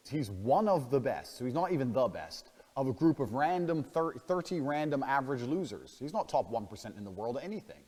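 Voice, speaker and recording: Brash, profane man with a lively voice. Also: medium pitch, a little fast, few pauses. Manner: boastful, profane, mocking. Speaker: internet personality in played clips. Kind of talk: brash monologue. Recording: reverberant clips with music underneath.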